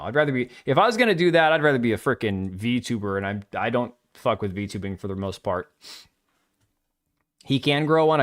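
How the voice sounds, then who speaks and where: A man from Washington state hosting a casual livestream, rambling bluntly about games and reacting to chat with casual swearing. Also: lowish voice. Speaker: livestream host.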